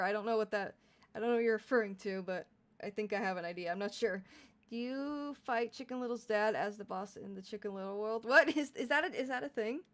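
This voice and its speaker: A young adult woman chatting casually on a live stream, giggly and rambling, laughing often. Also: mid-range voice. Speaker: VTuber streamer.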